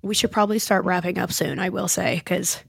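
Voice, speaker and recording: A woman's voice: fairly low pitch, steady tone, fairly quick, gravelly, husky, dry recording. Young woman, student co-host, chatty, filler-heavy, dry recording. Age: young adult. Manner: chatty, full of "like", giggly. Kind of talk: casual podcast chat.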